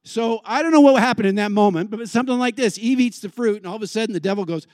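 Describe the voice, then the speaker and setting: A man preaching a sermon in a lively, conversational way, putting questions to the congregation. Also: sits high, very fast, dry recording, studio quality. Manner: animated, conversational, asks the crowd questions. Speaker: pastor.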